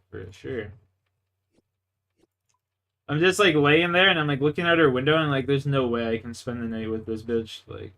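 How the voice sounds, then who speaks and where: A young Canadian man with a medium-pitched, fairly bright voice livestreams a game while chatting casually. He tells crude, boastful stories that ramble and are packed with "like" fillers.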